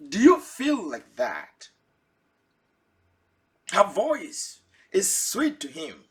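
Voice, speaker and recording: A man's voice: high-pitched, wildly swooping pitch, very slow, long pauses, breathy edge. A man preaching a Bible teaching sermon, asking his listeners direct questions and chuckling now and then.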